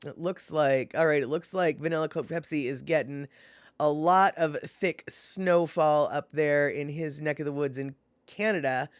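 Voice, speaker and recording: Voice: medium pitch, no room sound, clean studio sound. A live streamer in casual chat, rambling with many fillers and self-corrections while answering viewers by name.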